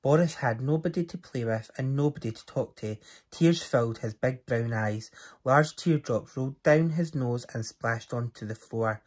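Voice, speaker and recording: A man reading a picture book aloud to children in an expressive storytelling voice. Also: medium pitch, moderate pace.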